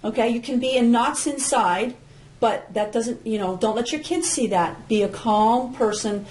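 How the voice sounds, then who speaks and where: A woman's voice: on the high side, normal speed, darkish tone, poor audio. A woman parent coach speaking as a podcast guest, earnest and given to repeating her key points. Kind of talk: podcast interview.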